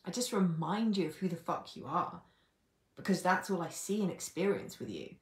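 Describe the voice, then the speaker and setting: A woman coaches her viewers in a live stream pep talk at a middling pitch, blunt and full of swearing. She laughs often. Her voice rings in an echoey room. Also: normal speed.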